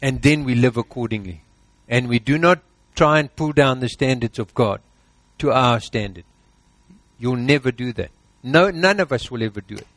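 A man's voice: medium pitch, moderate pace, a bit bright, no echo. A man preaching a sermon, emphatic and exhorting, piling up lists.

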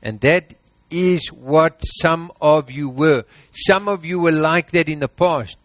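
A man's voice: on the high side, takes it slowly, fairly bright tone, no room sound. A man preaching a sermon, emphatic and exhorting, piling up lists.

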